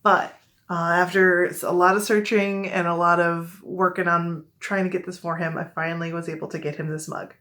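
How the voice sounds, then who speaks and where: A woman's voice: on the low side, flat delivery, normal speed, a bit bright. A young woman with a Midwestern accent, chatting casually and rambling with many fillers and self-corrections as she shows off her collection. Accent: American Midwest. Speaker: collector showing her mugs. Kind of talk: casual show-and-tell chat.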